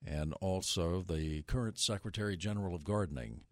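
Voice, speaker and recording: A man's voice: low voice, moderate pace, dry recording. Male radio host, folksy, jovial banter, dry close studio mic. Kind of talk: casual radio chat. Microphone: studio microphone.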